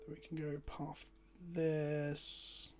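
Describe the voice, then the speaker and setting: Guy streaming card games, chats and curses casually, talks through his plays out loud. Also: a little high, monotone, very slow. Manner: chatty and swears casually, thinking aloud. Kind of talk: casual live-stream gameplay commentary.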